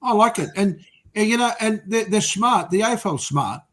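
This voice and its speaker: A man's voice: high-pitched, expressive, normal speed, fairly bright tone. A man co-hosting a casual footy podcast, easygoing and prone to repeating himself. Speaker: podcast co-host. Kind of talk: casual sports chat.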